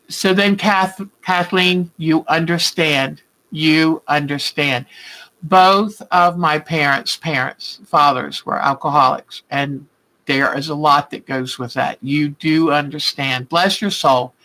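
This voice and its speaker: A woman's voice: low-pitched, slow pace, fairly bright tone, low-quality recording. Chatty older woman talking to viewers. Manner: chatty and heartfelt, addressing viewers by name; emotional, often breaking into laughter. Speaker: quilting channel host. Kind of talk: casual live chat with viewers.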